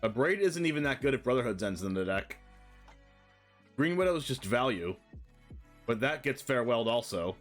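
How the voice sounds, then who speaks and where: A man chatting casually on a live stream, thinking aloud in quick rambling asides while building a card deck. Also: medium pitch, big pitch swings, soft background music.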